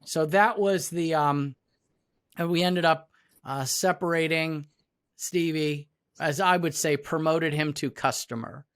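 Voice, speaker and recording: A man's voice: on the high side, steady tone, measured pace, a bit bright, clean tone. Man telling a workplace story. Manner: storytelling, acting out quoted dialogue. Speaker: podcast co-host, HR professional. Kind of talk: casual podcast chat.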